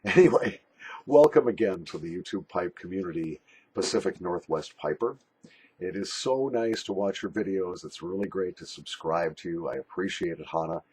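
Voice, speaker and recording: A man's voice: low-pitched, moderate pace, a little mellow, husky. An older man recording a casual video letter as a pipe and snuff YouTuber, jokey, rambling and a little bawdy.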